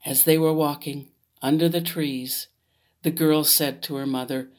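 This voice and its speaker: A woman reading a children's fairy tale aloud in an expressive storyteller manner. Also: deep voice, a little slow.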